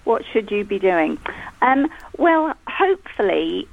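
A woman's voice: medium pitch, very animated, slow pace, gravelly. A woman, a landscape gardener, chatting on a radio show and laughing easily. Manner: chatty, laughs easily, reads aloud with relish. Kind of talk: casual radio chat. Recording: tinny phone line.

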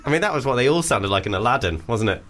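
A man's voice: mid-range voice, lively intonation, rapid-fire, fairly bright tone, slight background noise. A man co-hosting a radio show, bantering playfully and laughing often. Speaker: radio co-host.

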